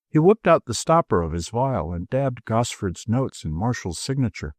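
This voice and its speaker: Expressive male audiobook narrator. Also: medium pitch, moderate pace, hardly any pauses, no echo, studio quality. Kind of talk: scripted narration.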